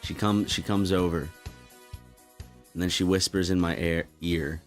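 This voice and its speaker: A man co-hosting a casual podcast, telling an absurd made-up story in a deadpan way. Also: deep voice, measured pace, pauses often, faint music behind. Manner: tells absurd tall tales deadpan. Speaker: podcast co-host.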